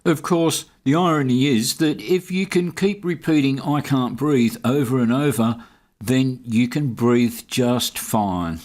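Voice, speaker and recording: Sardonic man narrating in a mid-pitched voice, with a dry mocking edge. He talks as a commentator over footage, steady and scornful. A plain mid-range male voice. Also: unhurried.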